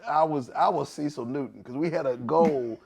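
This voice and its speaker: A man's voice: on the high side, moderate pace, creaky, over a noisy crowd. A man in his forties, a pastor, telling stories in a podcast conversation with lots of laughter and acted-out voices. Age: 40s.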